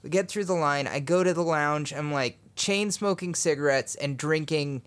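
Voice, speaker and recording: A young man hosting a podcast, telling an animated travel anecdote in casual chat with laughter and swearing. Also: fairly high pitch, moderate pace, smooth. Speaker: podcast host.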